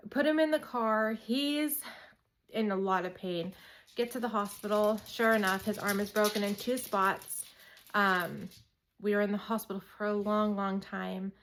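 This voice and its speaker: A woman in her thirties tells a family story in a casual, chatty way. Her voice sits at an ordinary middle pitch for a woman, and she gets animated whenever she acts out what people said. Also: a little slow, slight background noise, rough recording. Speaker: mother telling a story.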